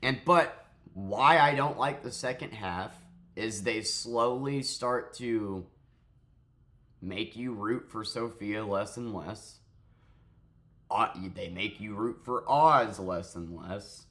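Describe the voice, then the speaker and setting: A man with a lowish voice talks through his thoughts on a series in a loose, unscripted review. He sounds tired, having just woken up, and he stumbles over his words and swears freely as he goes. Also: takes it slowly, a bit bright. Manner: rambling, profane, restarts often. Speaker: show reviewer. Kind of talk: casual spoken review.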